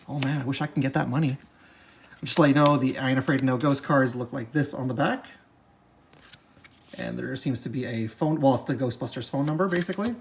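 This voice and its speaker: Casual unboxing host, mid-pitched, halting and self-correcting, upbeat, cards shuffling behind. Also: creaky, a little hiss or hum. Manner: upbeat, easily delighted. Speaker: board game unboxing presenter.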